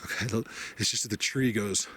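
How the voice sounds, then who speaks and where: A man vlogging outdoors in a snowy forest, emotional and awed, rambling and sometimes dropping to a hushed voice. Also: lowish voice, fairly even intonation, brisk, a little hiss or hum. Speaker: vlogger exploring the woods. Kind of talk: excited outdoor vlog narration.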